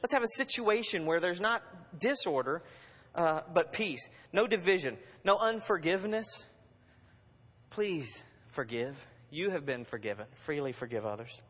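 A male pastor delivers an animated sermon and urges his congregation on. His voice sits a little high, and it swings from loud exhortation to quiet, hushed asides. A long reverb from a large hall hangs behind every phrase. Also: normal speed.

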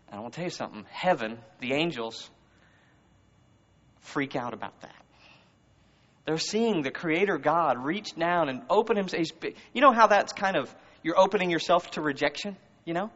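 A man with a Southern US accent preaching a conversational sermon, swinging between loud emphasis and hushed words. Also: fairly high pitch, animated, moderate pace. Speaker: guest speaker. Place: church service. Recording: muffled reverberant hall recording.

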